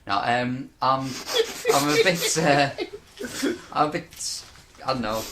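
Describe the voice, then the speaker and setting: A man's voice: medium pitch, slow, long pauses, fairly bright tone, a little hiss or hum. A man hosting a podcast in casual group chat, reading out questions and rambling with many hesitations.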